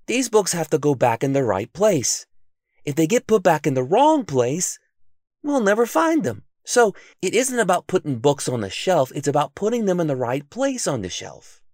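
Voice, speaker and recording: A man's voice: fairly high pitch, sing-song, moderate pace, darkish tone, no room sound, clean studio sound, pitched above the performer's own voice. A man voicing a sensible, bookish male friend who patiently explains things. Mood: explaining.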